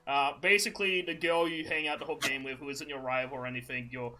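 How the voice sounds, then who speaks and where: A man's voice: fairly high pitch, fairly even intonation, fast, noisy background. A young man hosting a podcast, rambling through a profane, laughing story in casual chat. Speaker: podcast host.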